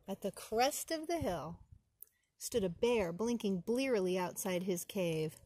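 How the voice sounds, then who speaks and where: A woman, a preschool teacher, reading a children's storybook outdoors in the woods. She reads in a gentle, clear and expressive way. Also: mid-range voice, a little slow, background noise.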